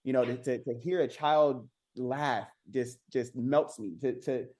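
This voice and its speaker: A man telling his own story as a podcast guest, earnest and halting, with many repeated words and restarts. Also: medium pitch, darkish tone. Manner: rises sharply when mimicking others. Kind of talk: candid personal storytelling.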